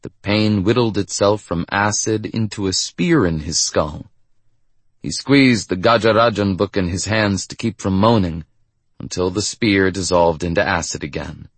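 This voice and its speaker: A man narrating a novel in a measured, steady reading. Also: sits low, breathy edge, no room sound. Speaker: audiobook narrator. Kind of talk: scripted narration.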